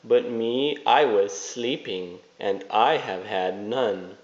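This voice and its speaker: A man's voice: lowish voice, slow. A man voicing a big grumpy male bear in a storybook reading, complaining that he was woken and left out. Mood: sulky. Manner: complaining, put out. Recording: echoey room, dull phone recording.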